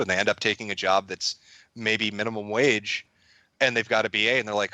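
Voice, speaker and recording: Fast-talking dry-humored American man. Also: fairly low pitch, fairly even intonation, pushed and bright, no room sound. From United States. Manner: wry, joking asides. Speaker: interview guest. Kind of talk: casual podcast chat.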